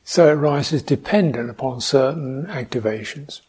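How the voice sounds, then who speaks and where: A man giving a reflective meditation talk, speaking slowly, asking questions and adding soft hums between points. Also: mid-range voice, breathy edge. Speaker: meditation teacher. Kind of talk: dharma talk.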